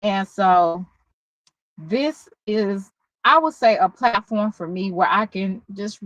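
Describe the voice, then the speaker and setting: A woman with a Southern US accent, talking candidly and haltingly in a personal vlog, at times close to tears. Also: medium pitch, animated, a bit bright, no room sound, poor audio. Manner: slow, candid, halting, with many pauses and fillers. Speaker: vlogger. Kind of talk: emotional personal vlog talk.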